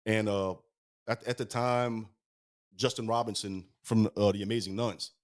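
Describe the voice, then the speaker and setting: A man's voice: lowish voice, fairly even intonation. A man telling rambling band stories as a podcast guest, swearing constantly. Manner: fast-talking, heavy swearing, rambling anecdotes. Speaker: guest musician. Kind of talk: casual storytelling. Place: podcast studio.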